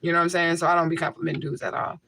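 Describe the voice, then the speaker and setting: A woman's voice: fairly low pitch, level tone, rapid-fire, creaky, pushed and bright. A woman hosting a casual livestream, blunt and repetitive for emphasis, answering viewer comments into a mic with a homemade tissue filter. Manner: blunt, repeats herself for emphasis. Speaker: livestream host.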